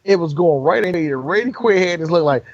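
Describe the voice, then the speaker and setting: A man's voice: high voice, lively intonation, quick pace, lo-fi sound, noisy background. A man co-hosting a casual movie podcast, joking and swearing, laughing often. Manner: laughs often, profane, jokey impressions. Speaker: podcast co-host.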